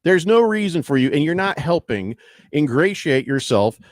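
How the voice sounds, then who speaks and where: A man hosting a sports talk radio show, reading listener texts aloud and riffing in animated banter. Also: a little high, moderate pace, no room sound, studio quality.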